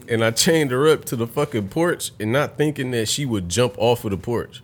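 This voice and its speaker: A young man in casual podcast chat, telling stories full of swearing and breaking into loud laughter. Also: mid-range voice, normal speed, a little hiss or hum. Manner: profane storytelling, bursts into loud laughter.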